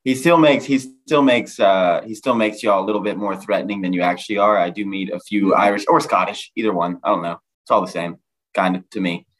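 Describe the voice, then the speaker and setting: Co-host: young man, low-ish voice, crude storyteller, relaxed banter. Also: brisk, low-quality recording. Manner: joking, profane, storytelling. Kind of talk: casual podcast chat.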